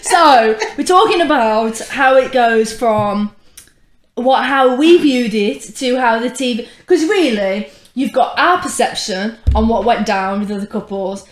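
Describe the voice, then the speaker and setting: A young woman co-hosting a podcast in easy, chatty conversation. Her voice sits high, and the room is noticeably echoey. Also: unhurried. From England. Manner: chatty, laughs easily. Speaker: podcast co-host. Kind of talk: casual chat.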